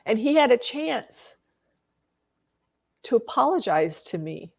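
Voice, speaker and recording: A middle-aged woman with a gravelly, creaky edge to her voice tells a personal story. She is close to tears and often stops to restart a phrase. Her delivery is raw, conversational and heartfelt. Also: on the high side, very animated, slow pace. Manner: emotional, tearful at times, many restarts. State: tearing up. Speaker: personal growth vlogger.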